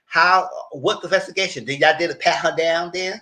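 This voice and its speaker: A man in a live chat recapping a reality TV show, talking in an animated, outspoken way with lots of slang. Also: on the high side, moderate pace, poor audio. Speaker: reality TV commentator.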